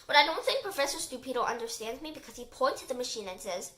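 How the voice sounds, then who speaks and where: A woman reading a children's chapter book aloud, with lively storytelling. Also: high voice, quick pace, few pauses. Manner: lively storytelling, acted dialogue. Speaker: reader of children's books.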